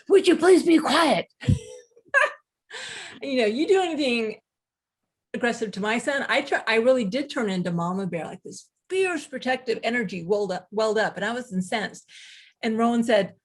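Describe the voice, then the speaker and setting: A woman guest author telling stories in casual conversation, animated, with quick asides and laughter. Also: on the high side.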